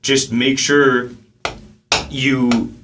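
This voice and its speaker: A man gives a casual drum lesson and counts the beats aloud between his explanations. His voice sits at an average pitch. Steady noise from the practice room runs behind him. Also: very slow. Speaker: drum teacher. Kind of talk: relaxed instructional talk.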